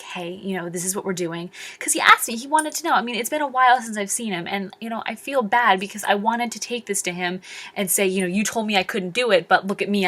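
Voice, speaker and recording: A young woman talks straight to camera in a relaxed vlog, her voice breathy and a little husky at a middle pitch. She rambles with plenty of fillers. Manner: chatty, rambling with many fillers. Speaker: vlogger. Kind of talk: casual vlog monologue.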